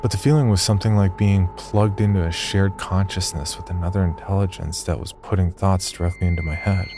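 A man's voice: sits low, steady tone, a little fast, over music. A man telling a first-person horror story as a scripted narration, with wry, dry humor.

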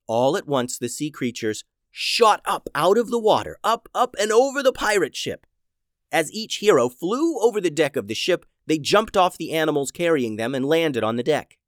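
Lively male children's storyteller. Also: fairly high pitch, moderate pace, few pauses, no echo, studio quality. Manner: animated, dramatic storytelling. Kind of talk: scripted children's story narration.

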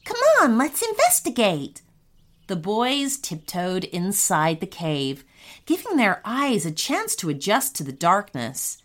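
A woman reading a children's story aloud in a slow, expressive way. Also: fairly low pitch.

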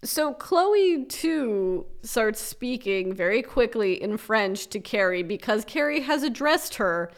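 A woman from the United States co-hosting a podcast, telling episode moments in a sarcastic, animated way. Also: a little high, slow pace, hardly any pauses. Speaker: podcast co-host. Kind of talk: casual recap chat.

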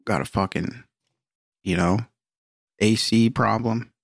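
A man's voice: on the low side, takes it slowly, gravelly, dry recording, studio quality. A man co-hosting a podcast, joking around in profane, casual chat and laughing often. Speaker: podcast co-host.

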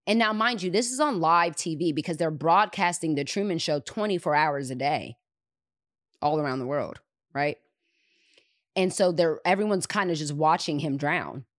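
Woman podcast host retelling a film, animated, lowish voice, dry close sound. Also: normal speed, dry recording. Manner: animated, repeats words for emphasis. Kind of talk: retelling a movie in casual chat.

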